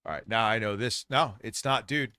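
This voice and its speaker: A man's voice: lowish voice, moderate pace, pushed and bright, smooth, dry recording, clean studio sound. A man livestreaming, ranting with frequent profanity about broken computer hardware. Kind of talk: casual livestream chat.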